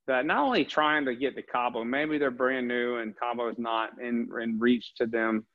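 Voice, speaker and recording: Hosting a casual interview, a man with a medium-pitched voice speaks at a moderate pace, upbeat and encouraging. He asks long, rambling questions, and the lo-fi audio is slightly dull.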